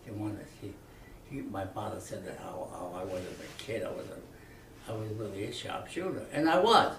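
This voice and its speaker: Gravelly old man, echoey distant room. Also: on the low side, moderate pace. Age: 90s. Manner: rambling, animated, many restarts. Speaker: interviewee. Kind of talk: reminiscing storytelling. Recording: echoey room from far off, faint noise.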